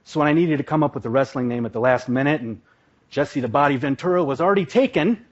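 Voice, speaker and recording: A man from Minnesota giving a live stage talk, telling his story in a vivid, dramatic way. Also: fairly high pitch. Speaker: speaker, former pro wrestler. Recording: dull, lo-fi live recording.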